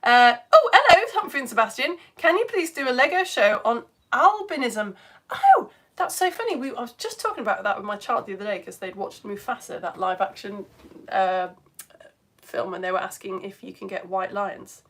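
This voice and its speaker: A woman's voice: mid-range voice, animated, normal speed, fairly bright tone. A British woman presenting a live science lesson for children, gushing and exclamatory as she reads out viewers' comments. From United Kingdom. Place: home studio.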